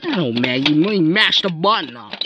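A woman playing out a toy scene aloud and acting out toy characters, jumping suddenly into squeaky voices. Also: animated, normal speed, muffled recording, very noisy.

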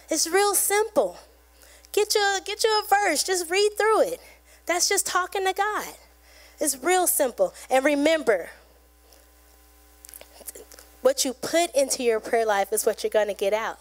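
A woman's voice: sits high, lively intonation, moderate pace. A woman pastor giving a conversational, earnest sermon in a church, acting out little prayers and everyday chats. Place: church sanctuary.

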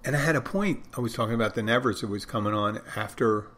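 This podcast host is a fast talker with a fairly low, fairly bright voice. Alone on the mic, he rambles casually, wandering into digressions and thinking aloud.

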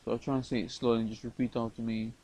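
A man's voice: mid-range voice, flat delivery, rapid-fire, dark tone, rough recording. A man rambling through a late-night video diary, stumbling over words with many repeats and restarts. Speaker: vlogger.

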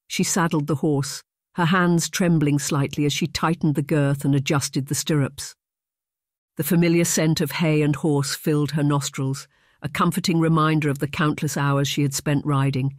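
Measured audiobook narrator, dry close sound. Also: medium pitch, no room sound. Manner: steady, measured storytelling. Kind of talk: scripted narration.

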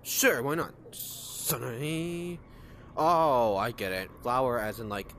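A man's voice: medium pitch, takes it slowly, a bit bright, slight background noise. A man playing a VR cooking game, muttering and reacting sarcastically as he plays. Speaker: gameplay streamer. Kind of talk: casual gameplay commentary.

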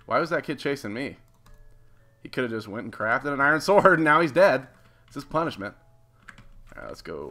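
Excitable young man narrating gameplay. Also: mid-range voice. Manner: excitable, jokey, self-mocking. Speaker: gaming video host. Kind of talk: casual gameplay commentary.

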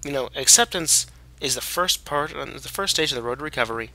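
A man's voice: medium pitch, animated, fairly quick, bright, forceful tone, a little hiss or hum. A young man casually commenting on his gameplay, chatty and joking. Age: young adult. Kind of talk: casual let's play commentary.

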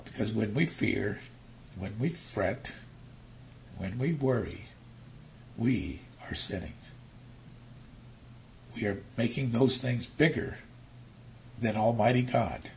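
Gravelly, animated male preacher. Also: lowish voice, takes it slowly, pauses often, a little hiss or hum. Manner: animated storytelling, acting out quotes; dips to near-whispers, then rises to loud emphasis. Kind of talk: sermon.

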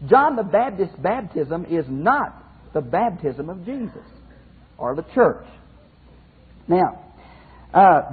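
Emphatic pastor teaching scripture, phone-like sound. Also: male voice, sits high, slightly rough. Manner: emphatic, repeats phrases, addresses listeners directly. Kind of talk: Bible teaching lecture. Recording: phone-like narrow band audio.

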